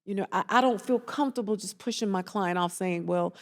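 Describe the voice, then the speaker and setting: A woman from Atlanta speaks as a therapist guest on a podcast, her voice carrying a clear vocal fry. She talks earnestly and reflectively, sharing personal stories with feeling. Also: mid-range voice, a little fast. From Atlanta, Georgia. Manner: earnest, reflective, emotional storytelling. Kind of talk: casual interview chat.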